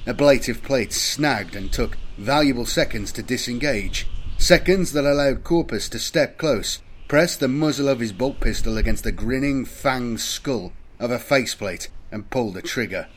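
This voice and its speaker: A man giving steady, measured scripted narration of an audiobook. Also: medium pitch.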